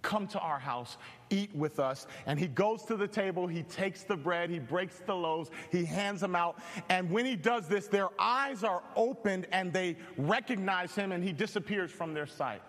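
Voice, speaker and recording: Man, pastor, sermon, joking storyteller, slightly high voice, long hall reverb. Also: normal speed, few pauses, fairly bright tone.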